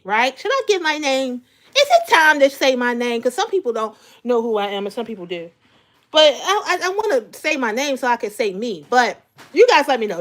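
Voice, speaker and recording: Woman host, high voice, chatty live commentary aimed at the viewers. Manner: chatty, repeats words, talks straight to viewers.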